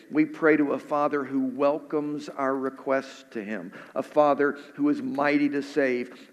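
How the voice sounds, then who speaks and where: A male pastor giving a sermon in an earnest preaching style, then praying softly and low. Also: dull audio. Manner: earnest preaching, drops soft and low in prayer. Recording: hall reverb.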